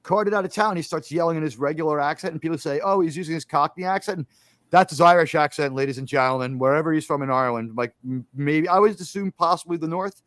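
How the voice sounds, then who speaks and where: A man with a slightly higher than usual voice chats on a podcast, walking through movie scenes in an animated, rambling way. He stumbles, restarts and fills gaps with "uh" and "you know." The sound is dry and close, with no room around it. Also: fast talker, no room sound. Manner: animated storytelling, acting out movie lines; rambling with frequent fillers and restarts. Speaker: podcast host. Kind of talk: casual film discussion.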